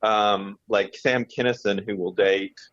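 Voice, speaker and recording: A man's voice: on the low side, steady tone, a little slow, fairly bright tone, no echo, dull audio. A man co-hosting a podcast in casual chat, rambling with restarts and fillers. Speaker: podcast co-host.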